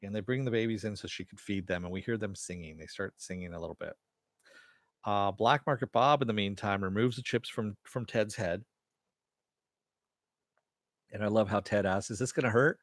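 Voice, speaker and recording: A man's voice: fairly low pitch, moderate pace, pauses often, dry recording, clean studio sound. A man giving a casual, rambling recap of a TV episode, with lots of fillers and the odd chuckle. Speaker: TV episode reviewer.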